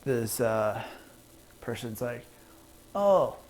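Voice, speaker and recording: A man's voice: a little slow, a little mellow, slight background noise, low-quality recording. A man telling rambling jokes to his stream camera from a home setup, laughing at his own punchlines. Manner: rambling, laughs at own jokes, puts on squeaky voices for callers. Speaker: comedian streamer. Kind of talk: casual stand-up rambling to camera.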